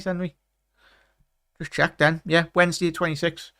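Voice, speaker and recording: A man's voice: fairly high pitch, a little fast, a bit bright, no room sound, studio quality. A man hosting a football watchalong livestream, chatting casually and greeting viewers by name with "big up" and "mate". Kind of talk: casual live chat reading comments.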